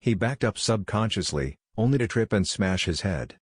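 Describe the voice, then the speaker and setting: A man giving a scripted narration of a fan story in a plain, even reading voice. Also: on the low side, normal speed, breathy edge, no echo.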